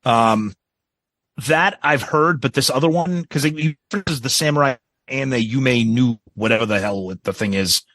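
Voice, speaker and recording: A man's voice: medium pitch, normal speed, fairly bright tone, no room sound. A man co-hosting a podcast in casual chat, hesitant, with many ums and restarts. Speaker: podcast co-host.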